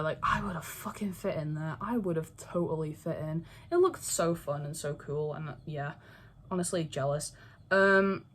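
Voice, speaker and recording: A young woman chatting to camera in a casual, rambling way, full of fillers and swearing. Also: fairly low pitch. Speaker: fandom video creator. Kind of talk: casual chat, talking to camera.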